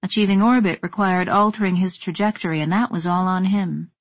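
A woman reading a first-person story in a measured, tense narrating voice. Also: medium pitch, fairly even intonation, no room sound. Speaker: audiobook narrator.

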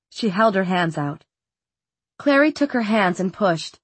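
A woman narrating a young-adult fantasy novel in a steady, even storytelling manner. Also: medium pitch, moderate pace, breathy edge, no echo. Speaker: audiobook narrator. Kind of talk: scripted narration.

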